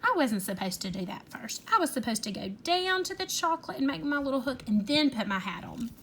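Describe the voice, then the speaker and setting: A woman teacher leading a young children's phonics lesson, stretching words in an animated, sing-song way. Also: sits high, a little fast, slight background noise.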